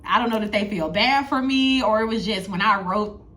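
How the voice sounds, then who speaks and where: A woman's voice: medium pitch, normal speed, fairly bright tone, a little hiss or hum. A woman, telling a personal story in a chatty vlog, talking straight to her viewers and circling back over her points. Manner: chatty, addresses viewers directly, repeats herself. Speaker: spiritual content creator.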